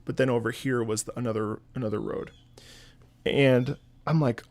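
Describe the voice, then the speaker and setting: A man's voice: mid-range voice, steady tone, normal speed, a little mellow, no echo. A man who streams and sings opera, telling a rambling story in casual chat with his audience, with lots of swearing and filler words.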